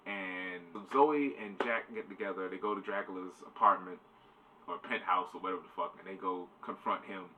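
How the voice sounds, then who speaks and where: Low and sharp, this man's voice moves at a normal speed as he rambles through a spoiler review of a show, cursing casually. The recording comes from a distant mic with a little background noise.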